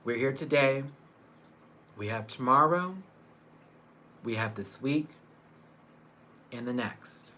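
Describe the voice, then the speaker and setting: A man's voice: mid-range voice, slow, pauses often, pushed and bright, a little hiss or hum. A man hosting a casual livestream, chatting with viewers, greeting them by name and laughing often. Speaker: livestream host. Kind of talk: casual live chat with viewers.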